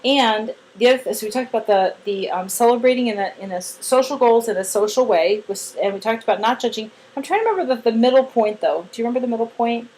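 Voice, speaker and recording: A fairly high-voiced woman coaching a newcomer in a relaxed one-on-one session. She talks in a chatty, hands-on way and acts out examples as she explains. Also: fast, few pauses, poor audio. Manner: chatty and demonstrative, acting out examples. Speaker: trainer coaching a new therapy team member. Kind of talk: casual one-on-one training.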